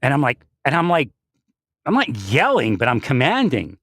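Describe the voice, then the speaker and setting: A man's voice: medium pitch, wildly swooping pitch, moderate pace, a bit bright, no room sound, studio quality. A man giving a rambling spiritual monologue, often breaking into laughter and restarting his sentences. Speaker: spiritual speaker.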